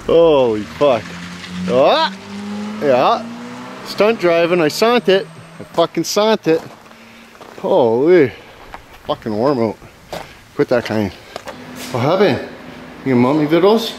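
A man's voice: a little high, sing-song, takes it slowly, pauses often, a little mellow. A man chatting casually and profanely for his vlog, rambling and apologizing for his swearing. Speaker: vlogger. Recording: vehicle and outdoor noise.

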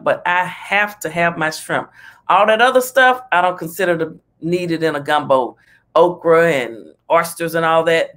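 A woman's voice: fairly low pitch, a bit bright. A woman hosting a casual talk show, chatting and giving her own opinions on a cooking clip. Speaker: host. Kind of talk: casual commentary.

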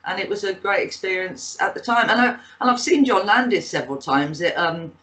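This woman in her sixties speaks with a Bristol accent in a mid-range voice that's fairly quick and fairly bright, though the recording is low quality. She's a guest on a casual interview, an actress and author telling rambling anecdotes full of fillers.

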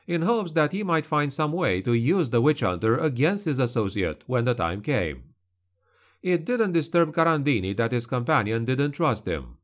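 A man narrating a dark fantasy audiobook in a measured, grave manner. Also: medium pitch.

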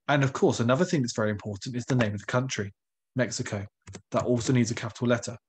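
Patient and encouraging, a male primary school teacher asks his pupils questions during a recorded online lesson. His voice is medium-pitched, and there's a little hiss or hum in the audio.

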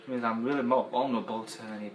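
A man's voice: mid-range voice, fairly even intonation, very fast, roomy sound, slight background noise, low-quality recording. A man with a Yorkshire accent giving rambling, casual game commentary as a let's play host. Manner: rambling, chatty, trailing off.

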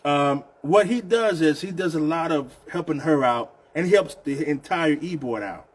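The host of this casual union live show is a Southern-accented man whose voice is on the high side, animated and breathy at the edges, at a moderate pace. His chatty live-stream talk is loose and repetitive, with "man" cropping up often.

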